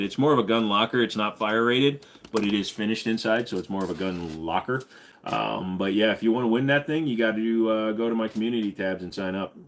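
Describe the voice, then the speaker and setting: Lower-pitched male streamer, relaxed jokey delivery, casual swearing. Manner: loose, joking, swears casually. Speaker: livestream host. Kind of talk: casual livestream Q&A.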